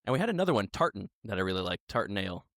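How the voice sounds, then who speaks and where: A man hosting a casual wrestling podcast, playful and animated as he introduces the show and asks the questions. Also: lowish voice, rapid-fire, no echo, clean studio sound. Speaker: podcast host.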